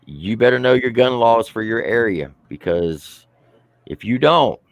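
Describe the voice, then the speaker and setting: A man's voice: medium pitch, expressive, a little slow, dry recording. A man chatting as a guest on a live stream in a folksy, emphatic way. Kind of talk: casual live stream chat.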